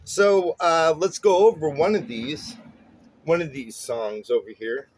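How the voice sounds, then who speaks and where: A man's voice: a little high, measured pace, slight background noise. A man teaching songwriting in a casual spoken lesson, explaining loosely with many "uh"s and "right?"s. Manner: loose explaining with many fillers and tag questions.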